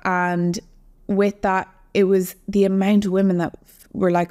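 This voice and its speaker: A woman's voice: medium pitch, flat delivery, a little slow, darkish tone. A young adult woman, an online fitness coach, explaining earnestly as a guest in a casual podcast conversation. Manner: earnest, explanatory, speaks to women listeners directly.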